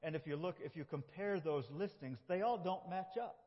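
A man's voice: on the high side, moderate pace. A middle-aged man from upstate New York, a pastor preaching a folksy, self-deprecating sermon with frequent laughs in a church. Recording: dull lo-fi sound with long hall reverb.

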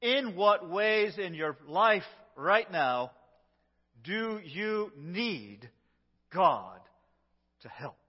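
A pastor with a high voice preaches slowly, leaning hard on some words and dropping to near hushes on others. He sounds like he is in a church hall, with a long reverb tail. The recording is dull and lo-fi. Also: lively intonation, breathy edge. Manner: emphatic preaching with swings between loud and hushed. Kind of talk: sermon. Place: church sanctuary.

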